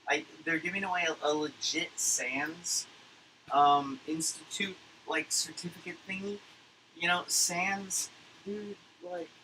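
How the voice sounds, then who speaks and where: A man's voice: fairly high pitch, bright, forceful tone, a little hiss or hum, rough recording. A man rambling through a casual, profanity-laced monologue as a livestreamer at home at his computer. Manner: rambling, profane, filler-heavy. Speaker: livestreamer recapping a conference.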